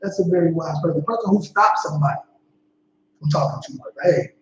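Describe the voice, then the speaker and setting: A man with a high-pitched voice explains scripture in a relaxed, slangy way, filling gaps with "you know what I'm saying." The sound is dull, in an echoey room. A low hum sits behind him. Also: quick pace. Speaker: Bible study leader. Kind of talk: casual scripture teaching. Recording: dull echoey livestream audio.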